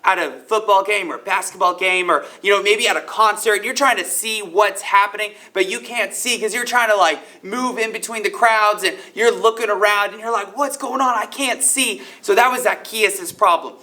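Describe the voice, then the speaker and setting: Hyped, bright-voiced young man. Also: high-pitched, fairly even intonation, moderate pace, few pauses. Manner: hyped, playful, talks to the kids directly. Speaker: youth ministry speaker. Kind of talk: energetic youth Bible lesson.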